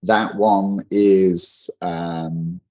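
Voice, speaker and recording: A man's voice: low voice, fairly even intonation, drawn-out words, a little mellow, low-quality recording. A man teaching English grammar in an online lesson, explaining in a loose conversational way with many fillers and restarts.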